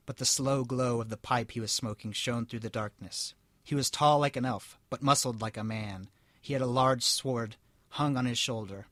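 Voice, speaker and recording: A man's voice: medium pitch, pushed and bright, no echo. A young man running a comedic tabletop game, reading a story aloud in a hammy, melodramatic voice and chatting with the players. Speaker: game master.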